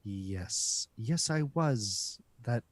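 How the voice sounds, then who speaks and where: A man's voice: lowish voice, animated, extremely slow, no echo, exaggerated voice. A nervous, pompous young medical examiner student, as a man plays him in a tabletop game. He hedges and stumbles through every sentence. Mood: flustered. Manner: flustered, hedging.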